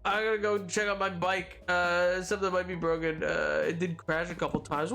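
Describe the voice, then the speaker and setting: A man's voice: high-pitched, flat delivery, normal speed, creaky, few pauses, bright, forceful tone, soft background music. A man chatting casually on a live gaming stream, bantering playfully with his chat and acting mock-indignant when they tease him.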